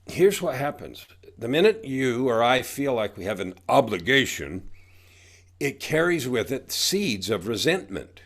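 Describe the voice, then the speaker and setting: A man's voice: mid-range voice, animated, moderate pace, a bit bright. A man in his sixties, an author and coach, talking in an emphatic, preachy way as a podcast guest and repeating his catchphrases. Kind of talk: motivational podcast interview.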